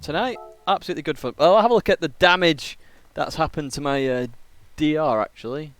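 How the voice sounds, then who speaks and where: A man's voice: a little high, a little fast, clean tone, soft background music. A man from England, a casual and jokey game streamer, chatting on a live stream and rambling with many fillers.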